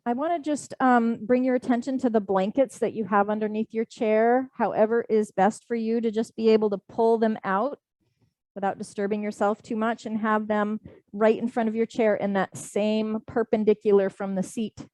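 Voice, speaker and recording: A woman teaching a live yoga class to people in the room and online. She gives gentle, slow breathing cues. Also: fairly high pitch, fairly even intonation, no echo, poor audio. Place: indoor studio class, also streamed online.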